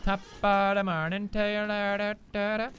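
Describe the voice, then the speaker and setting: A man putting on a loud, excitable young Irish man's voice, with over-the-top shouted greetings. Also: high-pitched, normal speed, soft background music. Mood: boisterous. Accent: put-on Irish.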